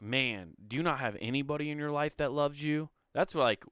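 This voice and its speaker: A man's voice: a little high, moderate pace, fairly bright tone, clean tone, no echo, studio quality. A man casually reading an article aloud and breaking off to ramble, swear and make sarcastic asides. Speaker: video host.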